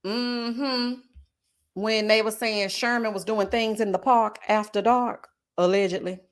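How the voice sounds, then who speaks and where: A woman's voice: fairly high pitch, fairly even intonation, measured pace. A woman giving casual, sassy reality-TV gossip commentary and reading out viewer comments, calling her audience child and baby.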